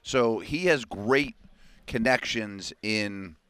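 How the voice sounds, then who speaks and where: A man's voice: on the low side, takes it slowly, a bit bright, clean tone, no echo. A man co-hosting sports radio, laid-back and joking about himself. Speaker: sports radio co-host and analyst. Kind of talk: casual sports radio banter. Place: busy convention hall radio row.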